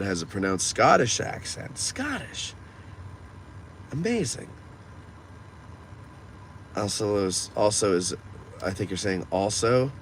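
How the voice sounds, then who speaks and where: Chatty man talking while driving. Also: low-pitched. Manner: chatty, reads viewer comments aloud and answers them. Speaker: host reading live chat. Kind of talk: casual live-stream chat while driving. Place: inside a car in town. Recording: clear traffic noise from a moving car. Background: car and street noise.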